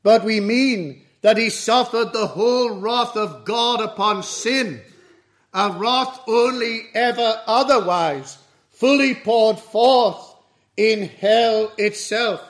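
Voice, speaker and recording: A man preaching an expository sermon in a measured, solemn way. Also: high-pitched. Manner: slow, measured, solemn doctrinal delivery.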